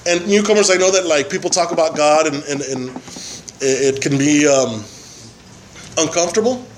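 A man giving a personal testimony at a recovery meeting, halting and full of fillers and tag questions. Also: a little high, slight background noise, low-quality recording. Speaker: member sharing at a recovery meeting.

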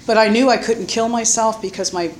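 A middle-aged woman from Florida with a Southern accent, telling her own life story in a halting way, full of pauses and fillers. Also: fairly high pitch, fairly even intonation, slight background noise. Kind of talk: personal life story, told unscripted.

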